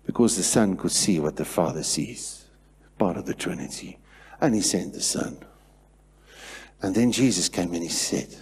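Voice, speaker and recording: A man preaching a sermon in church, swinging between hushed passages and loud, repetitive declarations. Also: lowish voice, husky. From South Africa. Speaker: pastor.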